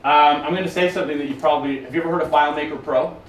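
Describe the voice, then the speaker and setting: Mężczyzna, bezpośredni i wulgarny, w pogłosie sali. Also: male voice, on the high side, rapid-fire. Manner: blunt, profane, joking. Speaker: conference speaker taking questions. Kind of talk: casual talk with audience Q&A. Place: conference room with an audience. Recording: roomy, from a distance, faint noise.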